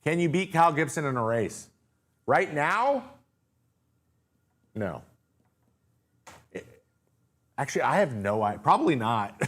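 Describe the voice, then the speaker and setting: A man's voice: medium pitch, sing-song, unhurried, long pauses. A male host answering viewer questions in a loose, jokey, rambling way, sounding tired with his voice wearing out. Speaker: show host. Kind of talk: casual live-stream Q&A.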